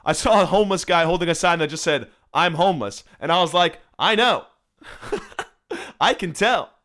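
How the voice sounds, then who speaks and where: A man's voice: on the high side, expressive, moderate pace, a bit bright. A young man hosting a podcast, ranting sarcastically with plenty of swearing, recorded on his phone at home. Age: young adult. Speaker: podcast host. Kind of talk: solo comedic rant. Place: room at home.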